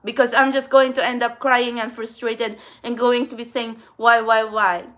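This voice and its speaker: A woman's voice: fairly high pitch, flat delivery, moderate pace, fairly bright tone. A young woman talking to her viewers in a casual get-ready-with-me vlog, blunt and rambling, swearing often. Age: young adult. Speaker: spiritual channel host.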